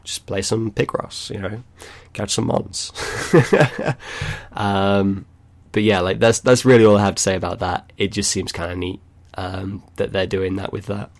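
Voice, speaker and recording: A man's voice: sits low, fairly even intonation, a little slow, gravelly. A man hosting a casual gaming discussion, rambling loosely with lots of fillers and small chuckles. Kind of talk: casual chat.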